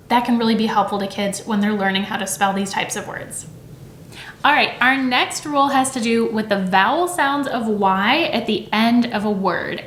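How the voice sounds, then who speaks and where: Here the educator's voice is a little high and bright, heard in a roomy space with slight background noise. She talks through reading rules in a conversational way, frequently asking "right?" and voicing sounds as examples.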